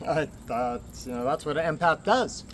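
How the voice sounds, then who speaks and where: This vlogger, a man from the American Southwest at least in his forties, chats openly and meanders, with frequent laughter, swearing and short bursts of speech. His slightly high, fairly bright voice is animated at normal speed, with a bit of hiss or hum.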